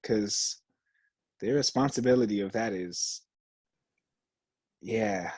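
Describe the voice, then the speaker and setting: A man's voice: lowish voice, slow pace, darkish tone, no echo. A young man co-hosting a podcast, chatting casually and acting out quotes as he tells a story, swearing freely and using lots of slang. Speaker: podcast co-host. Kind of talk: casual chat.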